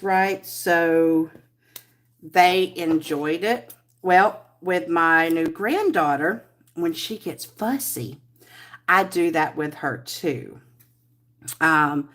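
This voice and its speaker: A woman's voice: lowish voice, a bit bright. A middle-aged woman hosting a casual live stream, chatty and rambling as she greets viewers by name. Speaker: livestream host.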